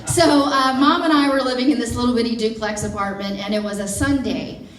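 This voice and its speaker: A woman, telling an animated, self-mocking stand-up story. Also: a little high, a little fast, soft background music. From Mississippi, USA. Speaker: stand-up comedian. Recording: roomy, from far off.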